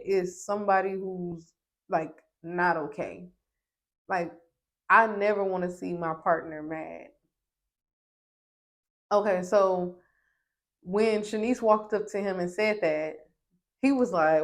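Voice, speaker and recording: Young woman doing a sassy tv recap, mid pitched, talks right at the cast. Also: slow, long pauses. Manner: sassy, emphatic, talks to the screen. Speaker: reality TV reviewer. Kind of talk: casual TV recap commentary.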